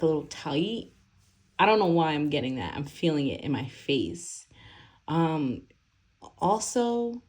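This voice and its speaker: A woman with a low, deep voice gives a casual tarot reading. She rambles and talks loosely, full of fillers and little laughs. She sounds young. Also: a little mellow. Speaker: tarot reader.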